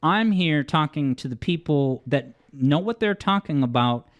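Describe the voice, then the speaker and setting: A man's voice: a little high, animated, unhurried. A man in a played stream clip, lecturing his audience earnestly. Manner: earnest, preachy. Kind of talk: lecturing monologue.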